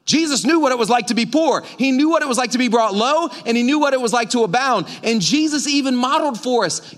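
A man's voice: very high-pitched, fairly bright tone. A man preaching a conversational sermon as pastor, emphatic and full of repetitions. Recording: long hall reverb.

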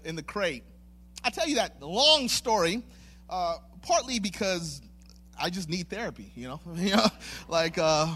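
A male pastor preaches a sermon with a notably high voice. He tells a personal story in a loose, chatty, self-mocking way, full of fillers and restarts. He slips into acted voices as he goes. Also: fairly bright tone. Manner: acts out voices in his stories.

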